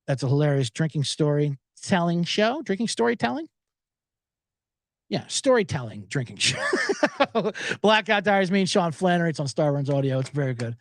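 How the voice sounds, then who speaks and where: Animated, rambling podcast host. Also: male voice, on the high side, moderate pace, no room sound, studio quality. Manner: rambling, profane, animated storyteller. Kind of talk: casual storytelling monologue.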